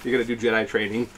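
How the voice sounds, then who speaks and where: A man's voice: medium pitch, background noise. A man streaming live, reacting to announcements with gushing exclamations and greeting his chat viewers.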